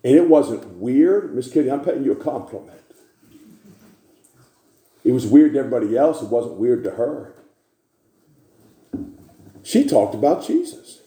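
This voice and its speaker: A man preaching a sermon in a church, building to repeated shouted refrains. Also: mid-range voice, big pitch swings, a little slow, long pauses, roomy sound.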